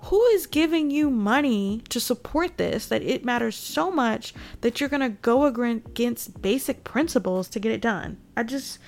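Gravelly-voiced woman commentator. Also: on the high side, animated, normal speed, few pauses, soft background music. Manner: indignant, addresses viewers directly, laughs between points. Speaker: political commentary host. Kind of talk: casual political commentary to viewers.

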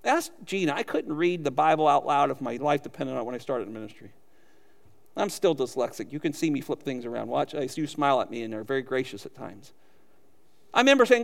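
A man's voice: mid-range voice, big pitch swings, fairly quick, vocal fry, in a large hall. A man preaching a sermon as pastor, animatedly acting out quoted lines and chuckling often.

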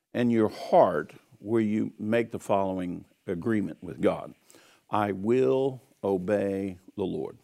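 A man's voice: lowish voice, vocal fry, mellow. A man giving an earnest teaching sermon on scripture, emphatic and repeating key phrases. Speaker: Bible teacher.

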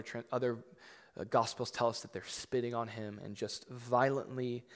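A man preaching a sermon, conversational but emphatic, acting out scripture readings with rising intensity. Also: medium pitch. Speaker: pastor. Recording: long reverb of a large hall.

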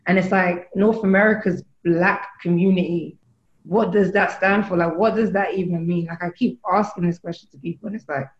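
A woman's voice: lowish voice, fairly even intonation, fairly quick. A woman originally from England, co-hosting a podcast and reflecting in casual discussion. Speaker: podcast co-host. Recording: dull, roomy sound.

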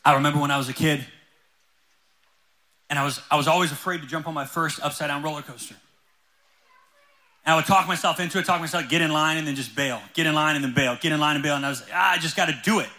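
A male pastor preaching a sermon in a church, telling stories with lively energy. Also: a little high, quick pace, pauses often, rough recording. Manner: energetic, animated storytelling.

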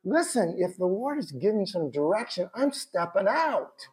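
A man preaching a sermon in a conversational, animated way, with bursts of shouted emphasis. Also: high-pitched, moderate pace. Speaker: pastor.

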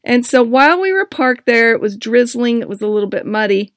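A woman hosting a podcast, telling a personal story and giving self-help advice in a candid, expressive way. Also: fairly high pitch, fairly quick, dry recording, clean studio sound. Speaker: podcast host.

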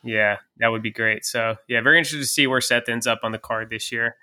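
A man's voice: medium pitch, fairly even intonation, brisk, sharp tone. A man co-hosting a wrestling podcast, chatting casually and steering the conversation. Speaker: podcast co-host. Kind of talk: casual chat.

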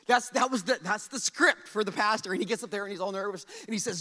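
A man pastor preaching a sermon in a church, animated, repeating words and acting out quotes. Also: high voice, fast talker, hardly any pauses. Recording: long reverb of a large hall.

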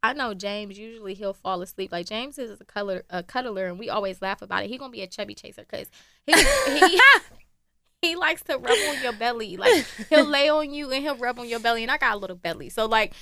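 A woman chatting casually and telling animated stories, full of laughs and acted-out quotes. Her voice is bright and clear, with a gravelly fry at the ends of phrases. The sound is dry and close. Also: a little high, a little fast, no room sound. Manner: animated storyteller, acts out quotes, laughs often. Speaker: podcast co-host. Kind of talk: casual chat.

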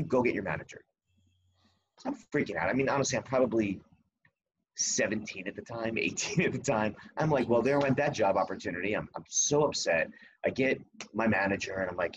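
A man's voice: medium pitch, animated, a little fast, long pauses, muffled recording, a little hiss or hum. A man on a casual podcast, telling a self-deprecating story and acting out the people in it. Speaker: podcast co-host.

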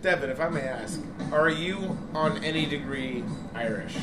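A man's voice: a little high, expressive, moderate pace, heavy background noise. A man co-hosting a podcast with casual, crude banter, teasing his friend and laughing often. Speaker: podcast co-host. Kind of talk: casual banter while gaming. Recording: echoey room with music behind.

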